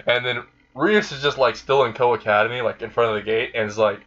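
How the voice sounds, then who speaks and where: A man's voice: medium pitch, fairly quick, fairly bright tone, lo-fi sound. Rambling man retelling a fan story. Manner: rambling, frequent fillers and laughing.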